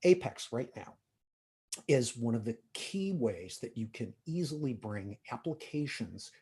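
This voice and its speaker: Middle-aged male presenter, husky, casual and filler-heavy. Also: medium pitch, big pitch swings, measured pace, mellow. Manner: conversational, frequent "uh" and "if you will". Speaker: conference presenter. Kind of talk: technical user-group talk.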